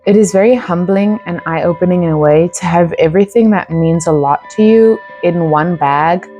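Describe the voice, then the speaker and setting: A young woman with a South African accent chats through a casual storytime vlog, rambling and circling back with plenty of fillers. Her voice sits a little low for a woman. Faint music plays softly behind her. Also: moderate pace. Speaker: vlogger.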